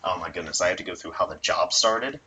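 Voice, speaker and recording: A man reading a visual novel's narration aloud in an expressive way, then chatting casually. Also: low voice, quick pace, slight background noise, low-quality recording. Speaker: let's play narrator.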